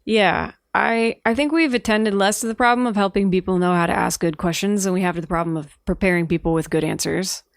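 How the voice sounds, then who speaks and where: A woman's voice: medium pitch, a little fast, hardly any pauses, no echo, clean studio sound. A woman co-hosting an education podcast, thinking aloud in a casual, reflective conversation. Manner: thoughtful, wondering aloud. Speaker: podcast co-host.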